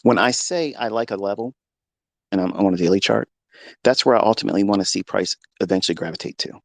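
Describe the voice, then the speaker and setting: In a gravelly, lowish voice and at a quick pace, this profane, blunt middle-aged trading mentor rants in an unfiltered live audio room from his home basement. He swings into heated yelling at times, and the recording is dry.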